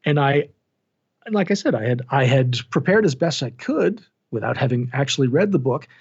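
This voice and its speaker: A middle-aged man, an audiobook narrator, chatting in an interview in an animated, self-deprecating way, often restarting his sentences. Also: mid-range voice, normal speed, breathy edge. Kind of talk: casual interview chat. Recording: dull lo-fi sound.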